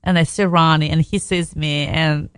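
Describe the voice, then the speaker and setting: A woman's voice: sits low, fairly even intonation, normal speed, clear, resonant tone, no room sound. Frank woman telling a story. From Belarus. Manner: frank, emotional, swears casually, restarts sentences. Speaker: radio guest. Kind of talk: candid personal storytelling.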